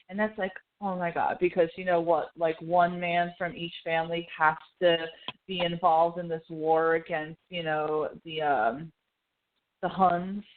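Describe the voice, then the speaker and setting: Gushing woman on a tinny line. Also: fairly low pitch. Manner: gushing, emotional, lots of fillers and acted quotes. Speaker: podcast co-host. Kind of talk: casual podcast chat. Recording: tinny phone-like audio.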